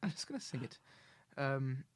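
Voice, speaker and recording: A man hosting a relaxed radio show, chatting loosely and breaking into laughs. His voice sits at an ordinary middle pitch. The studio microphone gives a dry, close sound with no room echo. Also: moderate pace. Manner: chatty, laughs often, many ums. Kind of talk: casual chat on student radio.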